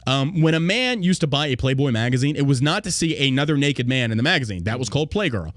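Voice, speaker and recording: A man hosts a casual podcast and rants with plenty of swearing and sarcasm. His pitch swings widely as he gets heated and jokes. The sound is dry and close. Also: expressive, fast talker, a bit bright, no echo. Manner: profane, ranting, sarcastic; mocking put-on voices when quoting. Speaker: podcast host. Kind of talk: casual political podcast chat.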